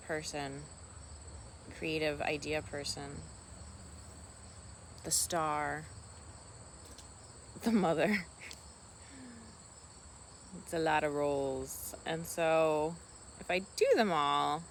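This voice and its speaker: A woman vlogging casually outdoors on a farm, talking softly and rambling fondly about her pet ducks. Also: low voice, slight background noise. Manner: soft-spoken, meandering, affectionate toward her pets. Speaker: vlogger and duck keeper. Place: outdoors on a rural farm by water.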